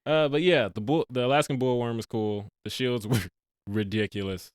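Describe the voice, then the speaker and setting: A man co-hosting a casual movie review podcast, animated and joking, often laughing. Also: mid-range voice, moderate pace, smooth, dry recording, studio quality. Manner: animated, laughing, jokey asides. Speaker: podcast co-host.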